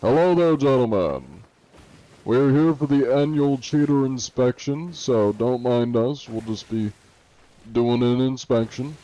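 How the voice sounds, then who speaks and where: A man's voice: medium pitch, measured pace, mellow, dull audio, voice pushed up, close to an everyday voice. A man voicing a pompous, polite male anti-cheat inspector who speaks in fancy, formal words. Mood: mock courteous.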